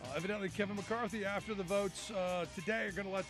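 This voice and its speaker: A man's voice: high voice, steady tone, fast talker, music in the background. A man hosting a call-in radio talk show, speaking sarcastically and conversationally, often restarting his sentences.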